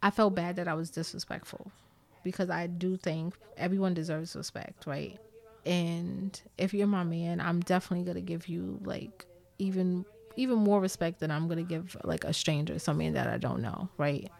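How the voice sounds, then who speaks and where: A woman's voice: lowish voice, steady tone, normal speed, vocal fry, darkish tone. Blunt, profane New York woman. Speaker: vlogger. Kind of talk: candid storytime talk to viewers.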